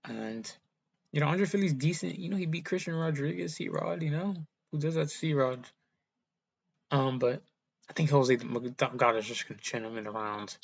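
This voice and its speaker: A man's voice: medium pitch, normal speed, gravelly, dull audio. A young man casually rambling through fight predictions, often correcting himself and swearing offhand. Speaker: MMA predictions YouTuber. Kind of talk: casual fight breakdown monologue.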